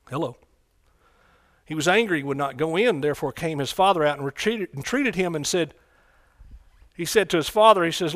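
A man preaching a folksy sermon in church, breaking into loud excited bursts. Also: fairly high pitch, brisk, no room sound, studio quality. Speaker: pastor.

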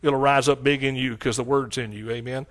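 Hallelujahs ring out in this sermon from a middle-aged Texan man who alternates between loud bursts and quiet asides. He speaks fairly quickly at medium pitch with fairly even intonation.

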